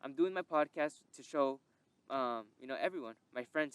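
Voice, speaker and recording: A man's voice: mid-range voice, normal speed, clear, resonant tone. A young man telling a candid, emotional personal story, rambling and swearing as he reflects. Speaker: podcast host. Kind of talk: reflective personal testimony monologue.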